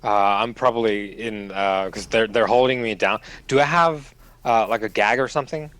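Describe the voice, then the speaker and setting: A man playing a tabletop game, asking the game master questions in a hesitant, halting way. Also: lowish voice, fairly bright tone, no echo. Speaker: player. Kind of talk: casual tabletop game talk.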